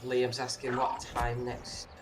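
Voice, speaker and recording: A man's voice: mid-range voice, completely flat delivery, takes it slowly, heavy background noise. A man co-hosting a live game stream, reading out the chat and teasingly pushing his friend. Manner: teasing, pushy, eager. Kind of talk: casual live stream banter.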